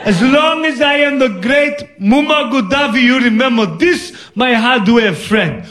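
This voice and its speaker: A man putting on the voice of a boastful male dictator, shouting grand threats down a phone as a prank. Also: extremely high pitch, roomy sound, pitched above the performer's own voice. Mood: bombastic. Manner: shouting, theatrical, drawn-out declarations.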